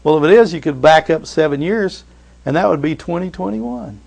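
A man preaching an earnest sermon as pastor, stumbling over and repeating words as he rises and drops sharply in pitch and loudness. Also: expressive, normal speed, creaky.

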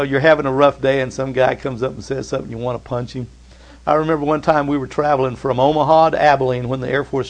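A middle-aged male pastor with a medium-pitched voice preaches, sinking to slow, hushed emphasis and then rising to loud, excited peaks.

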